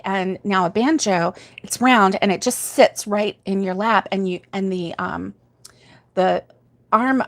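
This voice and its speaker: Chatty older woman, laughing often. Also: medium pitch. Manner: chatty, laughs often, reads viewer comments aloud. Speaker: host of a crochet livestream. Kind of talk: casual chat and storytelling.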